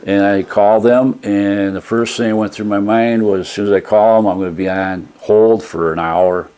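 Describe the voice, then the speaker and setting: A man's voice: fairly low pitch, fairly even intonation, normal speed, mellow, clean tone. A man telling a casual, rambling story in a folksy manner while reviewing a product he bought. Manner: rambling folksy storytelling, retelling a phone call.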